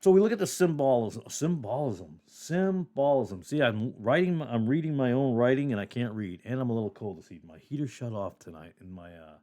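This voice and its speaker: A man's voice: mid-range voice, animated, fast, hardly any pauses, a little mellow. Man, Bible teacher, reading notes aloud, home podcast setup, chatty asides. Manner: asides to the listener.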